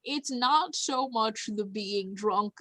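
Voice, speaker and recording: A woman running a tabletop game as game master, narrating in a lively, animated way. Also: fairly high pitch, slow pace, no room sound, rough recording.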